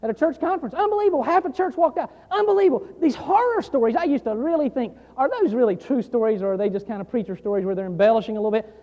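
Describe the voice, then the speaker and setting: A male pastor preaching a sermon, emphatic and repetitive, building louder on key lines. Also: very high voice, animated, rapid-fire, hardly any pauses. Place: church sanctuary. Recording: dull sound in a long reverberant hall.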